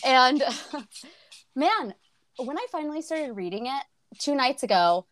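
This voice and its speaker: Animated laughing woman, casual book chat. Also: high voice, unhurried, dry recording. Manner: animated, swearing, laughs often. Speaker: podcast co-host.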